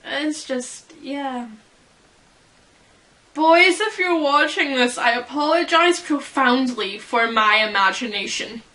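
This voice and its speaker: A woman's voice: high-pitched, animated, slow, sharp tone, poor audio. A young woman vlogging casually as a fan, rambling and giggling at herself. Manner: giggly, rambling, self-deprecating. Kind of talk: casual chat.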